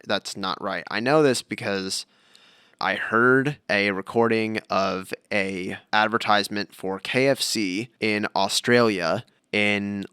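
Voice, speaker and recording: A man co-hosts a podcast in casual chat, rambling and drifting into tangents as he tells stories. His voice sits fairly low, bright and forceful, clear and resonant. The recording is clean studio sound with no echo.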